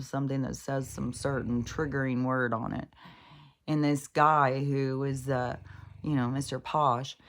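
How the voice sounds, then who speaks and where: A low-pitched woman talks to camera in a loose, wandering vlog monologue. She swears freely and rambles from thought to thought, getting lively when she retells what she saw. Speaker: spiritual vlogger.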